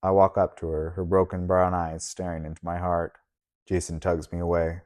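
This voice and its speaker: Deep-voiced male audiobook narrator. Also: little pitch movement, normal speed, darkish tone.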